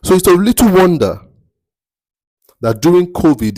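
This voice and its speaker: A man's voice: high-pitched, big pitch swings, normal speed, dark tone, no room sound. A man giving a motivational talk as a mentor, emphatic and rhetorical, repeating his key phrases. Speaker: mentor giving life advice.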